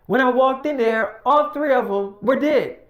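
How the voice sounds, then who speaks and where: A woman's voice: high voice, unhurried, lo-fi sound. A woman casually recapping a role-play story in a rambling, profane way, retelling who said what.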